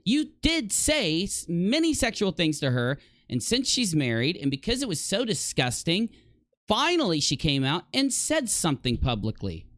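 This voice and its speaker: A man's voice: high voice, huge pitch swings, fairly bright tone, no room sound. A man hosting a commentary channel, arguing indignantly and sarcastically against clips he plays. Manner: indignant, sarcastic, rapid-fire questions. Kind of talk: heated commentary over played clips.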